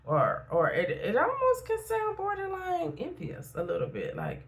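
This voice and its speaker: A woman's voice: extremely high pitch, huge pitch swings, moderate pace, slight background noise. A middle-aged woman, a therapist and life coach, talking frankly in a casual motivational vlog and repeating points for emphasis.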